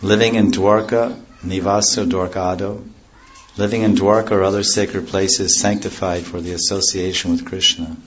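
Low-voiced man giving a rambling devotional talk. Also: little pitch movement, normal speed, muffled recording, slight background noise. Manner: rambling, digresses into stories and loses the thread; explains chanted scripture terms in plain words. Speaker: spiritual teacher. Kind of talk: devotional lecture to a class.

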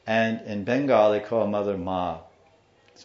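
A man's voice: lowish voice, normal speed. A man giving a devotional talk as a spiritual teacher, telling stories and acting out the people in them. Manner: animated storyteller, acts out the people in his story. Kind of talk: devotional storytelling lecture. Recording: dull roomy recording.

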